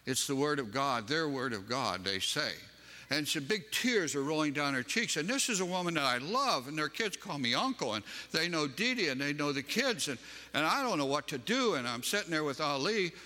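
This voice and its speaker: A man's voice: fairly high pitch, sing-song, moderate pace, pushed and bright, big-room sound. A man from Western North Carolina with a Southern accent, preaching a sermon and telling a personal story with emphatic, rising delivery.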